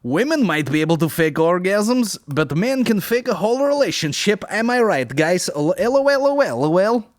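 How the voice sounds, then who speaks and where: A man's voice: sits high, very animated, fairly quick, few pauses, dry recording, clean studio sound, pitched above the performer's own voice. A man voicing a smug Russian man in a put-on Russian accent, who tells crude jokes and explains them. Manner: explains each joke, loud and pleased.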